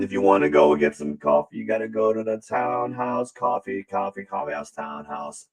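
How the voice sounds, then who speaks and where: A man hosting his art livestream, chatting in a goofy, rambling way with bursts of playful shouting. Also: fairly low pitch, normal speed, few pauses. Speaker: livestream artist host. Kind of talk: casual drawing livestream chat.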